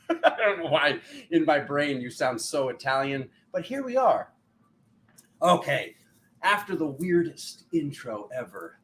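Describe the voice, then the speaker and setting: A man hosting a casual livestream, excitable and quick to laugh as he greets viewers by name. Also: medium pitch, a little hiss or hum. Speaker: spiritual livestream host.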